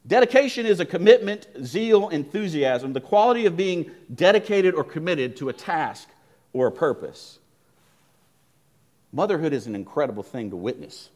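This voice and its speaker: A man preaching a sermon as pastor, telling stories emphatically and swinging between loud emphasis and hushed lines. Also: on the high side, animated, normal speed.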